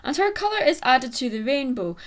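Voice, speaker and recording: Lively high-voiced woman reviewer. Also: a little fast. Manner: sarcastic, exasperated asides. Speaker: film reviewer and channel host. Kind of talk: comedic video review.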